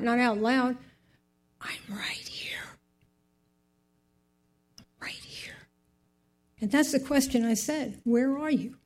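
A woman's voice: high voice, darkish tone. An older woman giving a heartfelt personal faith testimony, rambling through her story with many asides.

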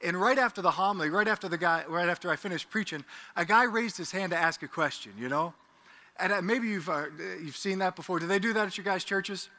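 A man's voice: high voice, quick pace. A man, a Catholic priest, preaching a homily full of jokes and stories to his congregation, wearing an ear-worn headset mic in a church. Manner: animated, joking with the congregation.

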